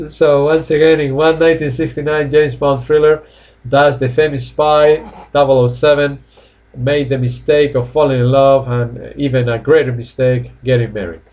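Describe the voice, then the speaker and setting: A man teaching English in a live online class from home, chatty, repeating each phrase slowly. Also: medium pitch, a little mellow, muffled recording.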